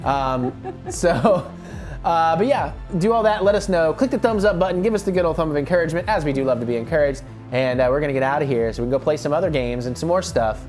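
An excitable man talks his way through a co-op video game in loose, casual commentary. He yelps and curses at the screen, and his pitch leaps around constantly. Faint game music plays underneath. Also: fast. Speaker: let's play co-host.

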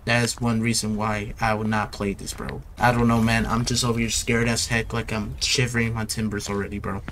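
A man's voice: lowish voice, flat delivery, a little fast, fairly bright tone, slight background noise. A young man giving casual horror game commentary, nervous and jittery, repeating himself and tacking "bro" onto his lines. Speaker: gaming YouTuber.

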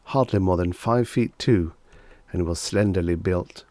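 A man narrating a vintage short story as an audiobook reader, in a steady storytelling manner. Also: deep voice, a little slow, dry recording.

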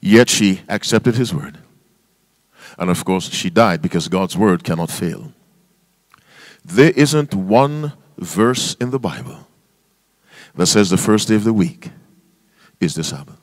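A man's voice: sits low, expressive, takes it slowly, pauses often, no room sound. A male pastor preaching a sermon, quizzing his congregation with call-and-response questions and reading scripture aloud with emphasis. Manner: reads scripture aloud in King James wording; emphatic, spells out words for stress.

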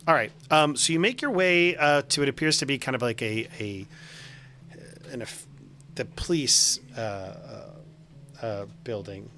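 A man's voice: medium pitch, expressive, unhurried, a bit bright, a little hiss or hum. A man running a tabletop game as game master, rambling with many fillers and restarts.

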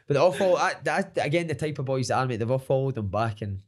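Scottish man, quick storyteller, swears a lot, laughs through stories. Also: medium pitch, noisy background. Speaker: football coach and podcaster, interview guest. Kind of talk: casual interview chat.

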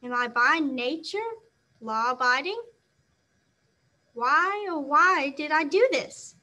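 A woman's voice: sits high, takes it slowly, sharp tone, exaggerated voice. A woman voicing a proud old male swan who reproaches himself, in an earnest, storybook way. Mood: anguished.

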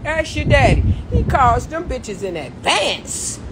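Lady going off on a late night phone live, highish voice, cussing nonstop, loud traffic behind. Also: sing-song, slow. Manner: profane, confrontational ranting. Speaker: social media personality. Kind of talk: late-night livestream rant.

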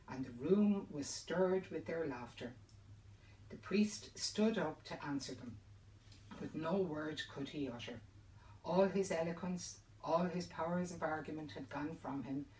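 A woman's voice: deep voice, lively intonation, unhurried, a little mellow, a little hiss or hum. A woman, reading a folk tale aloud in a dramatic, lilting storytelling manner. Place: indoors by a fireside. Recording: roomy sound, distant mic, faint ambience.

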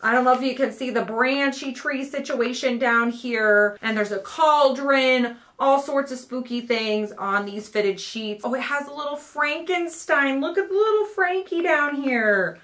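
This is a young woman, chatting to camera in a casual home vlog. Her voice sits a little high, and she gushes over each item in a bubbly way, laughing often. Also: normal speed, few pauses, fairly bright tone. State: pregnant. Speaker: vlogger showing a baby haul.

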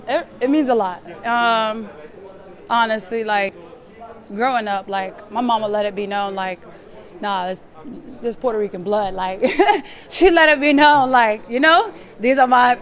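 A woman athlete in her twenties, emotional and tearful, laughing through tears as she answers in a halting way. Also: on the high side. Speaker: athlete interviewed after winning gold. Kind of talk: emotional post-event interview.

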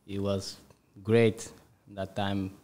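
A man, a podcast guest telling a childhood football story in halting English with many self-corrections. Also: fairly low pitch, flat delivery, warm tone. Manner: halting non-native English, lots of self-repair. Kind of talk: casual storytelling.

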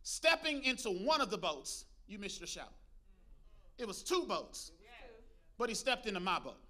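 A man preaching a lively sermon as pastor, calling out to the congregation and joking between points. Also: sits high, normal speed. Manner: preachy call-and-response with congregation, humorous asides. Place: church.

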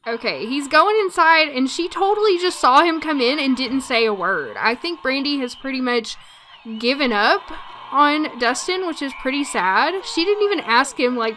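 A woman's voice: sits high, expressive, moderate pace, bright, forceful tone, slight background noise. Chatty woman narrating her game. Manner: chatty, laughs often, frequent ums. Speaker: let's play narrator. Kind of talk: casual gameplay commentary.

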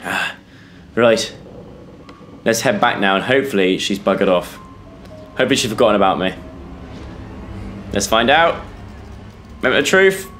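A man's voice: fairly low pitch, moderate pace, pauses often, fairly bright tone, soft background music. A young British man commentating a horror game for viewers, jumpy and yelping when scared. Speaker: gaming YouTuber. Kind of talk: let's play commentary.

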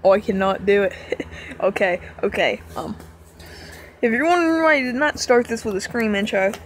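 A woman's voice: medium pitch, animated, normal speed, a little hiss or hum. A woman hosting a gaming channel, talking casually to fans in a giggly, rambling, self-mocking way with a strained, worn-out voice.

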